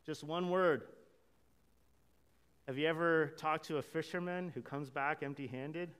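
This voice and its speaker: A man's voice: on the high side, fairly even intonation, measured pace, long pauses, a bit bright, clean tone. A man preaching a sermon, acting out the quoted lines and chuckling now and then. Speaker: pastor. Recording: long hall reverb.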